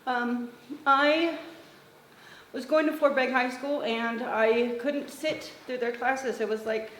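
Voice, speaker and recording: A woman's voice: on the high side, steady tone, slow. A middle-aged woman from Northern California gives a conversational tribute at a memorial, with frequent fillers and restarts. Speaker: former student giving a eulogy. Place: memorial gathering in a roomy hall. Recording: roomy echo with faint ambient noise.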